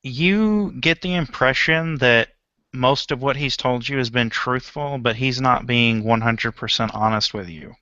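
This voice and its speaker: A man's voice: medium pitch, measured pace, sharp tone, dry recording, lo-fi sound. A man narrating casually as game master of a tabletop horror game.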